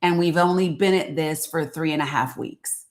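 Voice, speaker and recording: A woman's voice: deep voice, moderate pace. An American woman hosting a casual live stream, talking in a candid, outspoken, conversational way. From United States. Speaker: livestream host.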